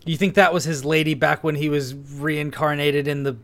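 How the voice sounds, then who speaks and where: A man co-hosting a casual film discussion, animated and often correcting himself mid-sentence. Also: on the high side, normal speed. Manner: animated, trailing, self-correcting.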